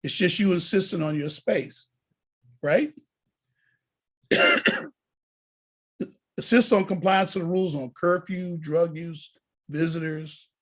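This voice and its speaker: Husky animated deacon teaching students. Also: male voice, a little high, slow pace, pauses often. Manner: animated, preacher-like exhortation. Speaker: deacon and college prep instructor. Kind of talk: motivational lesson to students.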